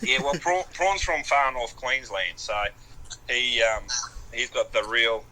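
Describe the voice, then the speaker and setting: A man's voice: mid-range voice, unhurried, pushed and bright, low-quality recording. A man from Melbourne with an Australian accent, chatting casually as a podcast guest and swearing freely. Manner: laid-back, swears freely. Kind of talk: casual chat.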